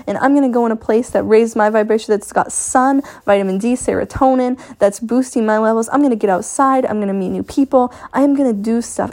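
Woman, podcast host, a bit high-pitched, blunt, sweary pep-talk monologue. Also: darkish tone. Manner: blunt, profane, motivational. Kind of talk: casual solo podcast monologue. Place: home in Maine.

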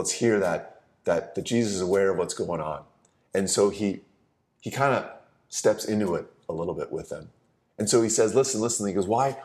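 Deep-voiced guy giving a sermon, chatty, trips over his words, goes quiet and low for the big points. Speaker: preacher.

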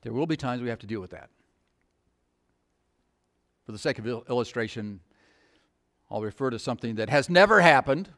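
A man's voice: medium pitch, animated, normal speed, long pauses, fairly bright tone. A middle-aged male pastor preaching a sermon, asking the congregation rhetorical questions in a conversational way.

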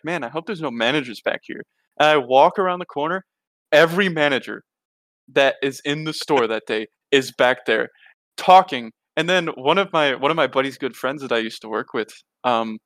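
A man's voice: a little high, a bit bright, no room sound. Young man rambling through a story. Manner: rambling, laughing while telling a story. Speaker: podcast co-host. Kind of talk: casual storytelling chat.

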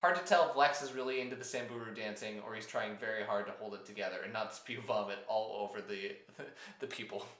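A man co-hosting a podcast, reading listener emails aloud and adding quick, sheepish quips. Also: lowish voice, a bit bright, reverberant. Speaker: podcast co-host.

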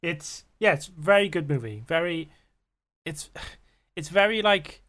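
A man's voice: fairly high pitch, expressive, a little slow, fairly bright tone. A young man co-hosting a casual podcast chat, rambling, laughing often and swearing freely. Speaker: podcast co-host.

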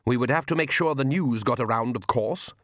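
A man's voice: medium pitch, a little fast, fairly bright tone, no echo, clean studio sound, lightly acted. A man doing a condescending vampire count. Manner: heavy patience, condescending. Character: slow, patronising aristocratic male vampire count.

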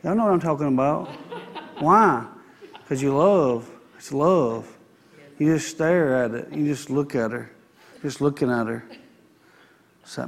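A man's voice: mid-range voice, moderate pace, creaky. A man, preaching a sermon in a conversational, folksy way and repeating his phrases. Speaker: pastor. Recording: long hall reverb.

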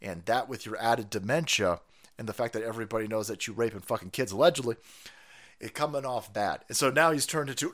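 A man's voice: mid-range voice, fast, a bit bright. A man hosting a livestream, ranting through profane, mocking political commentary with laughing asides. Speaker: livestream host.

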